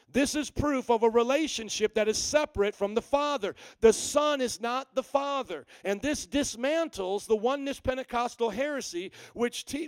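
Male pastor, emphatic sermon delivery with rhetorical questions; high, resonant voice. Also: clear, resonant tone, no room sound, rough recording. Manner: emphatic, asks rhetorical questions and answers them.

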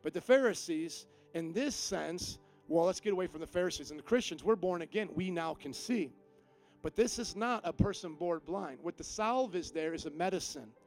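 Pastor, male, high-pitched voice, emphatic sermon delivery with big dynamic swings, faint music underneath. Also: lively intonation, moderate pace. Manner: emphatic preaching, swings from quiet to loud.

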